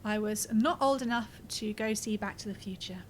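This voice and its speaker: A woman's voice: mid-range voice, normal speed, slight background noise, poor audio. A woman streaming a game, reading its text aloud and chatting casually, swearing and laughing as she plays. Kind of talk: casual gameplay commentary.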